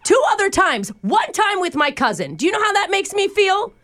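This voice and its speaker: A woman's voice: extremely high pitch, big pitch swings, normal speed, fairly bright tone. A woman hosting a morning radio show, running a prank call in a sarcastic, indignant, theatrical way. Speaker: radio host.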